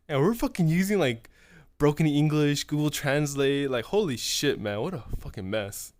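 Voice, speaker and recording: A man's voice: a little high, moderate pace, no room sound. A young man in his twenties telling a long profane story to his chat. He rambles, swears constantly and tacks "right?" onto nearly every phrase. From California. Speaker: streamer.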